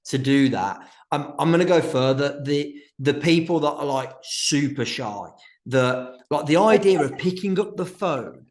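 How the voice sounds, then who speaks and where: A man's voice: fairly high pitch, animated, unhurried, darkish tone. A man hosting a podcast interview, thoughtfully framing questions for his listeners. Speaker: podcast host. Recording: roomy echo.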